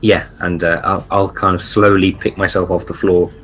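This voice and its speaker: Low-voiced earnest man in a tabletop game. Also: little pitch movement, normal speed, a bit bright. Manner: polite, earnest in-character speech. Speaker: player. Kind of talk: tabletop role-play.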